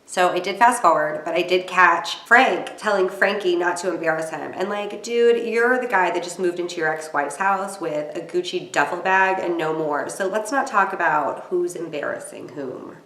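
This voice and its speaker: A woman's voice: lowish voice, moderate pace, hardly any pauses, fairly bright tone. A woman giving casual commentary to camera as she recaps a reality TV episode, chatty and exclamatory, with wry asides. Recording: roomy echo.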